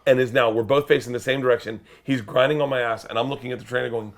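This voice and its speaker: A man, an interview guest, telling a story in a loud, excitable way, swearing and breaking into shouted quotes. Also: mid-range voice, quick pace, a little hiss or hum. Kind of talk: animated storytelling.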